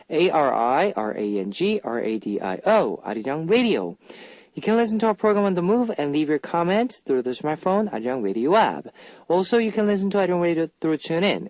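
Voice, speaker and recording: Lively male radio DJ, dry studio sound. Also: on the high side, no echo. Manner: lively, chatty announcing. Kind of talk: radio hosting.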